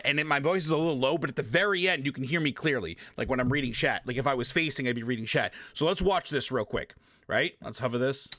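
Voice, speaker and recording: A man with a voice on the high side streams a casual tutorial from his home gaming setup, often turned away from his desk microphone. He's emphatic and animated, swearing, repeating himself and making sound effects, in clean studio sound with no echo.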